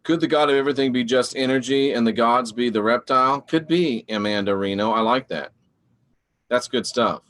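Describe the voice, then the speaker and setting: A man hosting a live online show, talking in a rambling, animated and preachy way while answering viewer comments. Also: mid-range voice, normal speed. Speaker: online show host reading live chat. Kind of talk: casual live-stream talk.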